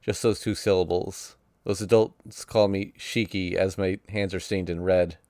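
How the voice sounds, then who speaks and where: A man's voice: low voice, steady tone, measured pace, a little mellow, no echo. A man reading a visual novel aloud on stream, narrating casually in the first person. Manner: casual first-person narration that voices sound effects playfully.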